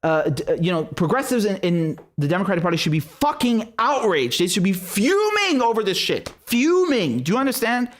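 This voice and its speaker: A man's voice: high-pitched, big pitch swings, brisk, few pauses. Angry, profane man ranting. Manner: angry, sarcastic, profane, mocking. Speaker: political commentary host. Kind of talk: ranting political commentary.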